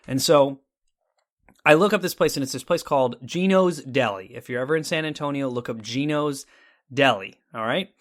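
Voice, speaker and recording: A man's voice: medium pitch, normal speed. A man from Texas co-hosting a casual talk show, telling a story animatedly and acting out his own reactions. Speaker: podcast co-host.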